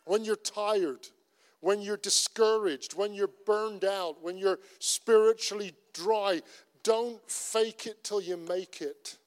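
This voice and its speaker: A middle-aged Cornish man delivers a sermon in a high voice. His preaching is earnest and conversational, with lots of repetition. A long church-hall reverb trails behind him. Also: slow, clean tone. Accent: Cornish English. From Cornwall. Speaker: pastor.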